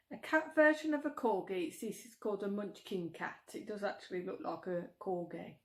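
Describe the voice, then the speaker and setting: A middle-aged woman with a Birmingham accent, vlogging in a chatty way, giggling and stumbling over words. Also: medium pitch. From England. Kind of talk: casual chat.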